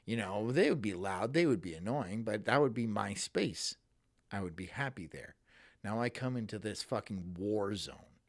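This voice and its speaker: A streamer delivering a sarcastic, profane ranting monologue on a live stream, full of mocking asides. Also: medium pitch.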